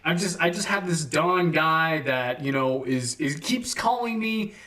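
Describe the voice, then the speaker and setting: A man putting on a high, fed-up grump. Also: a little slow, bright, forceful tone. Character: irritable, fed-up man snapping at callers.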